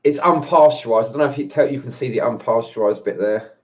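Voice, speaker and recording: Man vlogger, mid pitch, rambling and hesitant, heard from a distance at home. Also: fast talker. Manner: rambling, hesitant, chuckling often. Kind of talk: casual solo live-stream chat. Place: indoors at home. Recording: voice distant from the mic.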